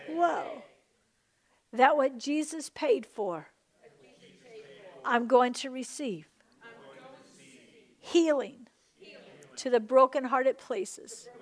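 Fervent woman pastor leading prayer. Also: sits high. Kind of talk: sermon prayer ministry.

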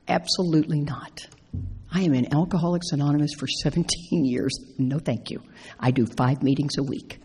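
A middle-aged woman speaking at a recovery meeting, telling stories with playful, animated asides. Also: low-pitched, a little fast, slight background noise. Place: large meeting hall. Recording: echoey hall with long reverb.

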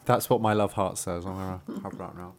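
A man's voice: low voice, steady tone, a little fast. A man, co-hosting a podcast in casual chat, laughing often and teasing. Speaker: podcast co-host.

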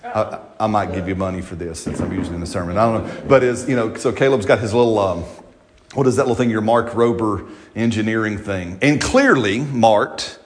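A man's voice: on the low side, fairly quick, slight background noise. A man preaching a sermon to a congregation in church, in a conversational storytelling way, often checking in with "right?" and laughing through his funny stories. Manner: laughs while telling funny anecdotes. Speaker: pastor. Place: church service before a congregation.

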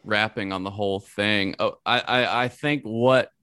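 Eager podcast host, dry close sound. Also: male voice, fairly low pitch, steady tone, a little slow, sharp tone, clear, resonant tone, no echo. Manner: enthusiastic, casual, says dude and man. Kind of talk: casual podcast conversation.

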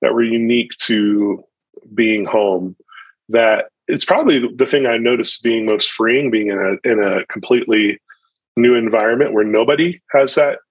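A pastor in his thirties talks reflectively in a podcast interview, often restarting sentences and using fillers. His mid-range voice has a breathy edge and moves at a moderate pace, captured in a dry recording with poor audio.

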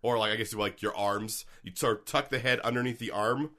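Give me a man with a bright, crisp voice, joking around in casual conversation. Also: lowish voice, fairly even intonation, fairly quick. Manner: laughs often, playful and jokey. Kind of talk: casual comedic chat.

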